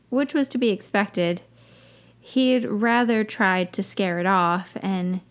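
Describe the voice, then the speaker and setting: A woman hosting a podcast, reading a story aloud and breaking off for wry, dry asides. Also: medium pitch. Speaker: podcast host reading fan fiction.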